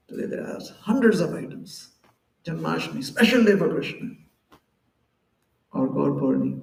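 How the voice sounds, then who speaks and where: A man's voice: fairly high pitch, normal speed, gravelly, darkish tone, echoey room, recorded from a distance, a little hiss or hum, rough recording. A man giving a devotional lecture at a temple, talking conversationally and explaining with everyday examples and acted-out quotes. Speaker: temple speaker.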